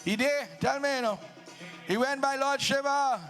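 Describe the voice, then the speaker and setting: Male devotional storyteller, very high voice, slow dramatic preacherly phrasing. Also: steady tone, a bit bright, faint music behind. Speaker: Ramleela narrator.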